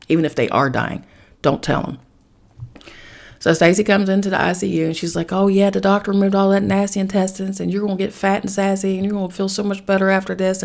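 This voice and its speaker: A woman's voice: lowish voice, gravelly. A woman telling a personal story in a casual podcast monologue, dropping to whispers when she quotes people. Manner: intimate, drops to a whisper for quoted lines. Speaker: podcast host.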